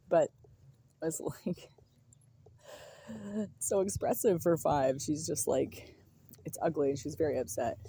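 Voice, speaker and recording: A young woman talks on her own in a loose, rambling way, stopping to laugh and drifting from thought to thought. Her voice sits a bit low and has a mellow, husky grain. She sounds unhurried and casual throughout. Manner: musing, laughs often, trails off. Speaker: vlogger.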